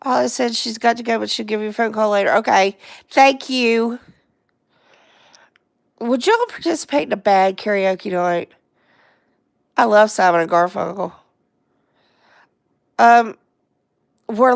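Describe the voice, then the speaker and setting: Slow gravelly middle-aged woman chatting. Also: a little high, dry recording, studio quality. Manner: rambling, chatty, laughs often. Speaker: livestream host. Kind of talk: casual livestream chat with viewers.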